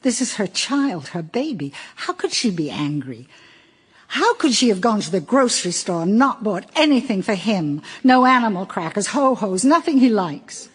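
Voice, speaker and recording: A woman narrating an audiobook in a wry, measured storytelling voice. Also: medium pitch, big pitch swings, slightly rough. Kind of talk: audiobook reading.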